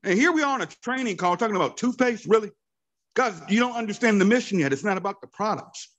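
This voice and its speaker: A man in his fifties gives a rousing motivational talk to his sales team. His voice sits high and swings widely up and down. He speaks with fervent, preachy conviction and hammers his points through repetition. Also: lively intonation, quick pace, a bit bright. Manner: fervent, preachy, repeats phrases for emphasis. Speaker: network marketing team leader. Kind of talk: motivational training call talk.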